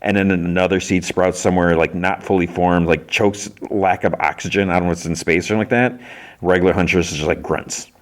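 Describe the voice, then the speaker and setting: A man's voice: deep voice, steady tone, quick pace. A man hosting a podcast, casually recapping an episode in a rambling way full of fillers. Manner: rambling, heavy use of "like". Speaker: podcast host.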